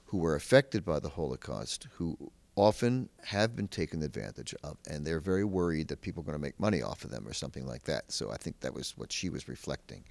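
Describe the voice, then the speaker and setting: Brief: low-voiced male conductor, gravelly, spinning an anecdote, dry close sound. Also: no room sound. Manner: acts out quoted voices, chuckles, shifts loudness for effect. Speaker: conductor telling a story. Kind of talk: animated storytelling talk.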